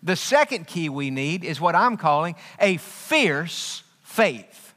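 A man preaching with a high, bright, ringing voice that carries through a big, echoing sanctuary. He hammers his points home through repetition and folksy asides. The long reverb trails after each phrase. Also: very animated, takes it slowly. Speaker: pastor. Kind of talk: sermon. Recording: long reverb of a large hall.

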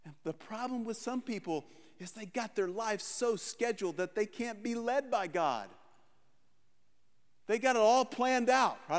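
A man's voice: high voice, animated, unhurried, big-room sound. A man preaching a sermon, reading scripture and retelling it in a loose, joking everyday voice. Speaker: pastor.

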